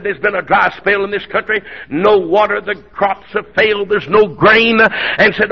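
High-voiced shouting preacher, lo-fi radio. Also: male voice, breathy edge. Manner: folksy storytelling preacher, frequent "uh", shouting peaks. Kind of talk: revival sermon. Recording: dull lo-fi radio broadcast.

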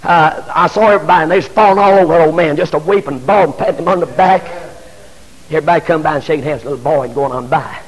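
A middle-aged man, preaching an impassioned sermon as a pastor, rising to shouts and stumbling over repeated fillers. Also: on the high side, fast. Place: church. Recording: long hall reverb.

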